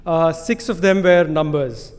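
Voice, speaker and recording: On stage in a large hall, a man in his thirties with an Indian accent tells a personal story, amused and self-deprecating, chuckling often. His voice is a little high and his pace measured, with the live hall's long reverb around him.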